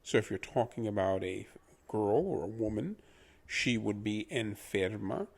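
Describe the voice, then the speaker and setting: Pria pengajar bahasa yang lambat dan sabar. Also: male voice, fairly low pitch, animated. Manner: patient, repeats words slowly. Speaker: language teacher. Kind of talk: slow pronunciation lesson.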